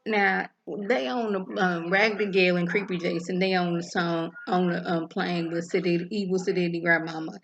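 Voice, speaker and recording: A woman's voice: fairly low pitch, fairly even intonation, normal speed, few pauses, lo-fi sound, a little hiss or hum. A woman recaps a TV episode in a loose, chatty way, full of animation. She keeps slipping into the characters' lines to act them out. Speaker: TV episode reviewer.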